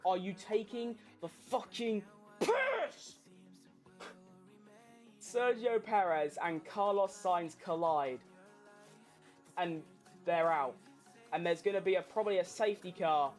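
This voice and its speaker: A woman's voice: on the low side, measured pace. Girl hosting a race watchalong, cursing a lot, music faintly behind. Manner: sweary, excitable, emotional. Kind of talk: live race commentary.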